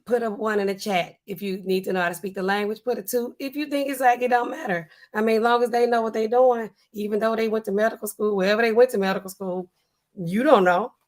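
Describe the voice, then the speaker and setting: A woman hosting a casual live stream, chatting loosely and reading out viewer comments in animated, slangy speech. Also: medium pitch, quick pace. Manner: chatty, animated, African American Vernacular English (AAVE) style phrasing.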